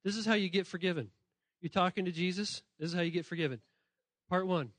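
High-voiced, animated man preaching to kids. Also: quick pace, no echo. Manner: animated and playful, often talks straight to listeners and corrects himself. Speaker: pastor speaking to children and students. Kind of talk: lively sermon addressed to kids.

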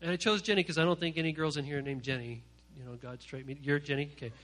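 A man preaching an animated sermon to young people, swinging from hushed asides to loud outbursts and acting out what people say. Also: a little high, fast talker. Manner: animated, swings from hushed to shouting, acts out quotes. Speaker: youth pastor.

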